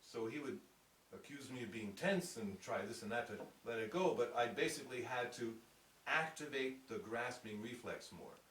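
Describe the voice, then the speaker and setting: A man's voice: medium pitch, lively intonation, normal speed, a bit bright, slight background noise. Man lecturing on piano from afar. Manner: thoughtful, demonstrates with acted-out quotes. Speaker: piano teacher. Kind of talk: lecture presentation. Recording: roomy sound from a distance with piano.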